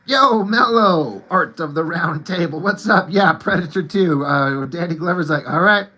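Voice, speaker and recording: Rambling, excitable man in his forties. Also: fairly high pitch, measured pace. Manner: rambling and enthusiastic, full of "like". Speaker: artist and channel host. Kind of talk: casual chat about movies and comics.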